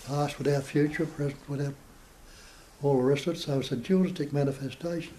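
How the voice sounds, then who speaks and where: A man, a spiritual teacher, giving a measured talk to a small group and posing rhetorical questions as he explains. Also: on the high side, steady tone, dark tone, a little hiss or hum, low-quality recording.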